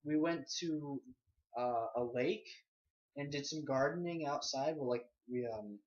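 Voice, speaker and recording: A man's voice: medium pitch, a little slow, darkish tone. An easygoing young man chats and tells stories with friends in a mid-range voice. The sound is muffled, like a cheap mic. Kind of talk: casual chat. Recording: muffled lo-fi recording.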